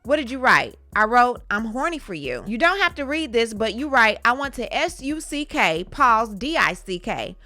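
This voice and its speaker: Bright high-voiced woman reading court testimony. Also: sing-song, no echo. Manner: brisk read-through with short reaction asides. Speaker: commentary channel host.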